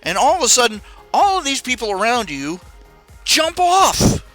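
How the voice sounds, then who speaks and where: A man's voice: very high-pitched, wildly swooping pitch, fast, a bit bright, soft background music, poor audio. A man hosting a casual talk stream, ranting with many restarts and jumping into raised, mocking voices when he quotes his parents. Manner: rambling with restarts. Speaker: podcast host. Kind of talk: casual rant.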